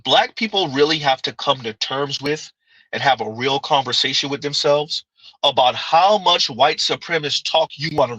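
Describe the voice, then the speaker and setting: Guy on a livestream, bright sharp voice, dry close sound, keeps firing rhetorical questions. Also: fairly high pitch, breathy edge, no room sound, poor audio. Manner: reads chat comments aloud. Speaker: livestream commentator. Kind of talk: casual livestream commentary.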